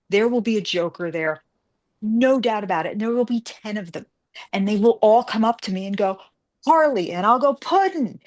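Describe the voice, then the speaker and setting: A woman chatting as a guest author in an interview, full of energy and often slipping into little voices for the people in her stories. She talks at a middle pitch and keeps the conversation flowing. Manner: animated storyteller, acts out quoted voices. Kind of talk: casual interview chat.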